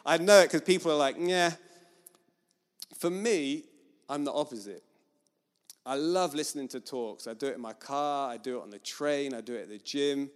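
A man's voice: medium pitch, brisk. A man preaching a conversational sermon, acting out quoted voices. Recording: long hall reverb.

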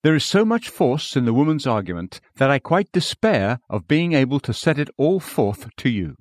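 Guy reading an old-style sermon, even and formal, mid voice, dry close mic. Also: medium pitch, no room sound. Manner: measured, formal old-fashioned preaching diction. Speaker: preacher. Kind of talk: read sermon.

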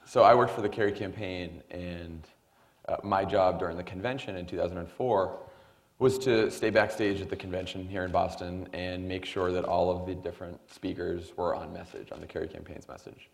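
Low gravelly man telling stories. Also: normal speed. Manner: animated anecdotal storytelling with quoted voices. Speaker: guest, former speechwriter. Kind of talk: storytelling in a forum conversation. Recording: dull lo-fi sound.

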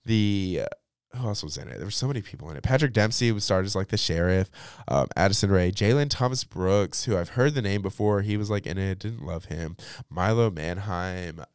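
A man's voice: deep voice, fairly quick, clean tone, dry recording, studio quality. A young man hosting a pop culture podcast, chatting casually with lots of fillers and cursing freely. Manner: chatty, slangy, swears freely, many fillers. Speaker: podcast host.

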